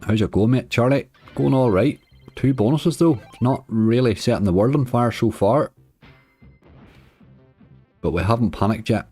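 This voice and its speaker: A man's voice: mid-range voice, moderate pace, long pauses, dark tone, breathy edge, faint music behind. A man streaming slots, chatting casually and answering viewers' comments. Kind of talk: casual livestream chat.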